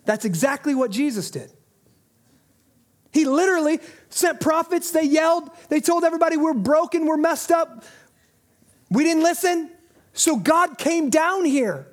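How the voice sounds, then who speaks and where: A middle-aged man preaching a sermon as a pastor, swinging between impassioned calls and quiet, intense asides. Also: very high-pitched, lively intonation, unhurried.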